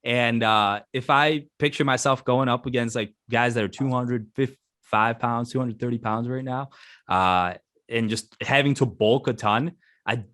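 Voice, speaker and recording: A man's voice: mid-range voice, a bit bright. Eager young man hosting a talk show. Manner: eager, enthusiastic fan, quick to react. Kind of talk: casual interview.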